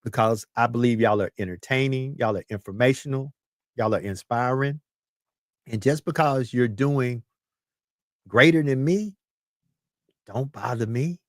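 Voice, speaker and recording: A man's voice: mid-range voice, a little slow, long pauses, dry recording. Man in his fifties, podcast host, emphatic and preachy, repeats himself, dry close sound. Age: 50s. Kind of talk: casual chat.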